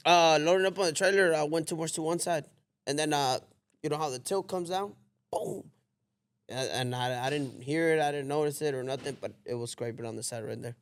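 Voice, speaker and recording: A man's voice: a little high, fairly quick, smooth. A man in a casual podcast chat, sheepishly explaining his side.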